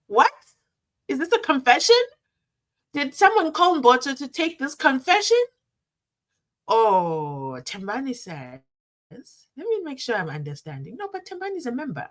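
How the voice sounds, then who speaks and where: A young South African woman with a South African accent hosting a casual live-stream from her desk, reading viewer comments aloud and reacting in an animated way. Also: high voice, measured pace, long pauses. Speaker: commentary channel host. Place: at a desk at home.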